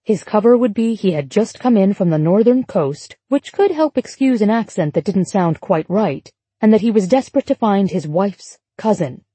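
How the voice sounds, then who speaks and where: A woman narrating an audiobook in a steady, measured storytelling voice. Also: mid-range voice, breathy edge, no room sound. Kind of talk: scripted narration.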